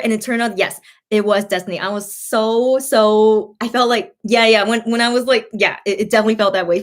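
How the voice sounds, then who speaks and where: A young woman vlogger chatting casually while eating on a live stream, full of fillers and reading viewer comments aloud. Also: a little high. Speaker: mukbang vlogger.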